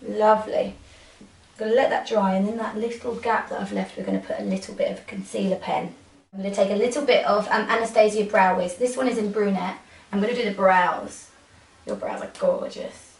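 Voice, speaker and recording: Makeup artist lady talking thru a tutorial, soft and gravelly, a bit far off in an echoey room. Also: mid-range voice, fairly even intonation, brisk. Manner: soft-spoken, coaxing instructions to a model. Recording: roomy, from a distance.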